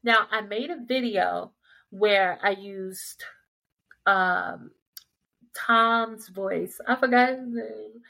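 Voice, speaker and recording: A woman hosting a casual podcast chat, telling stories with lively delivery and acting out quotes in playful voices. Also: mid-range voice, very slow, gravelly. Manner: animated storytelling, acts out quotes in playful voices. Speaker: podcast host.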